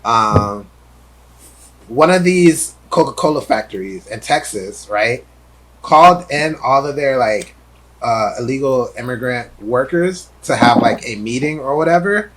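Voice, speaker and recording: A man's voice: mid-range voice, lively intonation, a little slow, fairly bright tone, a little hiss or hum. A man hosting a podcast, telling stories animatedly in casual chat with lots of filler words. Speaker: podcast host.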